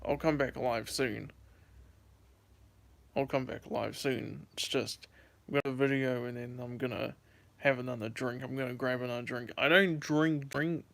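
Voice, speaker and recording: On a phone livestream, a young American man in his late teens replies to chat at normal speed. His voice is medium in pitch, slightly bright, fry-tinged and fairly even, and he rambles casually and repeats himself.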